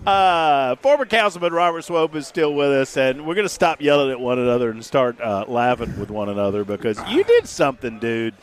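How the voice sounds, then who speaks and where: A man hosting live talk radio, emphatic and argumentative but quick to laugh, broadcasting from a remote venue. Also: medium pitch, sing-song.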